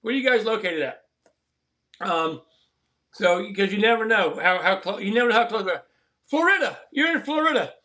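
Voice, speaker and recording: A man's voice: sits high, animated, normal speed, pauses often, pushed and bright. A man hosting a live stream, chatting in a rambling, earnest and preachy way to his viewers. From southern Colorado. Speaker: livestream host. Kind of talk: casual livestream chat.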